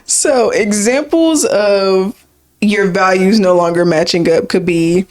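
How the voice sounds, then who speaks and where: A woman co-hosting a casual podcast, with a voice sitting in an ordinary middle register. She walks through her points in a relaxed, explaining way, leaning on "like" and "so" as she goes. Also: medium pitch, slow. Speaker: podcast co-host. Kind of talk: casual conversational podcast chat.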